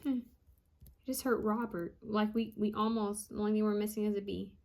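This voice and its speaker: A woman psychic medium reading out channeled messages, repeating each word she hears and pausing often with ums. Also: medium pitch, little pitch movement, gravelly, mellow. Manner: hesitant with frequent ums.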